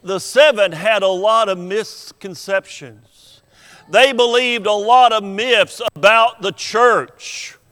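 A man delivers a sermon in an unhurried, storytelling way, leaning on pauses and emphasis. His voice sits high and sounds smooth and resonant with a bright edge. A long reverb trails each phrase, as in a church hall. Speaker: preacher.

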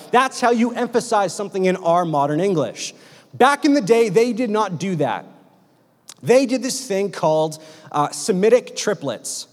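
Young guy preaching, jokey and slangy, high voice, big hall echo. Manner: casual, joking preaching with slang. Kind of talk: sermon.

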